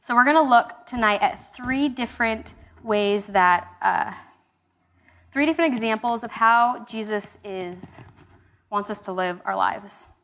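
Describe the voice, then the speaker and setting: A woman's voice: fairly high pitch, measured pace, a bit bright. A young woman giving a casual, conversational Bible study talk, with fillers and restarts. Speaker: small-group Bible study leader. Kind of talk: casual sermon teaching.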